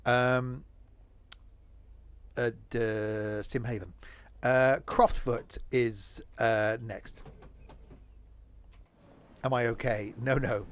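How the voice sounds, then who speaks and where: A man's voice: medium pitch, fairly even intonation, very slow, long pauses, smooth. Joking man streaming a train game. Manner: chatty, silly, jokey asides. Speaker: streamer playing a train simulator. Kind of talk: casual live-stream chat with mock announcements.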